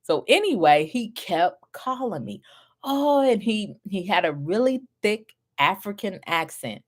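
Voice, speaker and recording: A middle-aged woman mentoring group home owners, telling a story in an animated way, laughing often and acting out what people said. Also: medium pitch, unhurried. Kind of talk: storytelling to viewers.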